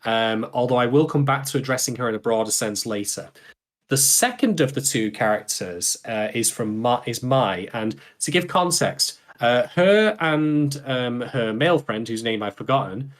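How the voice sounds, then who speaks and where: A man co-hosting a casual podcast discussion, at an ordinary middle pitch. He is chatty and thinks aloud, often backtracking to correct himself mid-sentence. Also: expressive, normal speed. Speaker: podcast co-host.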